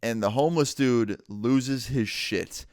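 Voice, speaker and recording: A man's voice: medium pitch, takes it slowly, a little mellow, no echo, studio quality. A young man in a vlog, telling a personal story in a casual, filler-heavy way. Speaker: vlogger.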